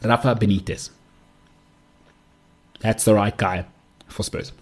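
Speaking slowly in a lowish voice with fairly even intonation, a South African man rants alone on his podcast. He states strong, emphatic views and hammers his punchlines by repeating them.

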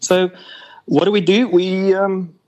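A man's voice: sits high, level tone, slow pace, a little mellow, low-quality recording. A man, an investment company boss, talking business in a rambling, chatty way with lots of fillers. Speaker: investment company CEO guest. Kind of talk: casual radio business interview.

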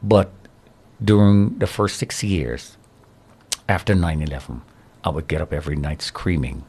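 Man, very low voice, husky, animated testimony, preaching tone. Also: normal speed. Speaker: interview guest, survivor. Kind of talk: testimony in an interview.

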